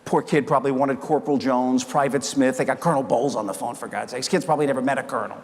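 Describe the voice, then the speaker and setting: A man's voice: medium pitch, very fast. A man in his sixties, a keynote speaker, telling stories on stage and acting out the dialogue. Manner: animated storyteller acting out dialogue. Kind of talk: keynote speech storytelling. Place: large conference hall. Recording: long hall reverb.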